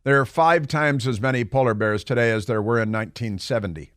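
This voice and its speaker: A man's voice: mid-range voice, a little fast, fairly bright tone, no room sound. Middle-aged man, talk radio host, sarcastic and mocking, rambling, dry studio sound. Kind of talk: opinionated talk radio monologue. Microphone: studio microphone.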